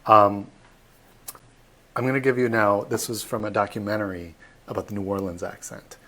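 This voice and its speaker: Chatty, fairly low-voiced man guide. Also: fairly even intonation, normal speed, fairly bright tone. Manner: chatty, self-deprecating, lots of fillers. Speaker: tour guide. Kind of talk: online live virtual tour talk.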